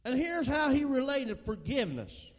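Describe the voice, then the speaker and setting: A man's voice: extremely high pitch, very animated, moderate pace. A middle-aged man preaching a folksy sermon, calling out to the congregation. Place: church. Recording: long hall reverb.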